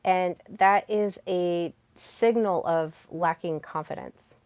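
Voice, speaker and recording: Brief: young woman podcast host, lower voice, earnest coaching delivery, dry close sound. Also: slow, darkish tone, smooth, no echo. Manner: earnest, coaching tone with many fillers. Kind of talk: solo self-help podcast talk.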